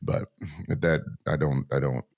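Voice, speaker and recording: A man hosting a podcast interview in casual chat, relaxed, laughing easily as he asks questions. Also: rumbling low, a little slow, dry recording, clean studio sound. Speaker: podcast host.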